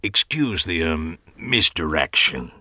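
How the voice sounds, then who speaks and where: A frail, creepy old man, as an audiobook narrator puts him on growls each word in a throaty rasp. He speaks slowly and grandly, with a deep, dry sound and a voice that swoops up and down. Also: very animated, sharp tone, no echo, heavily acted. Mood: eerie, theatrical. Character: frail, eerie thin old man, theatrical. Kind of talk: audiobook character voice.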